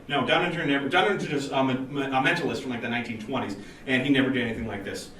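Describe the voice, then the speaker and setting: A man giving a conference talk to a room of engineers, chatty and lively, acting out the people in his stories. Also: mid-range voice, racing, hardly any pauses. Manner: lively, conversational, acts out quoted people. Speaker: conference speaker. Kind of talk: technical conference talk with storytelling. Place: meeting room at a user group event. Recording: roomy and distant with faint noise.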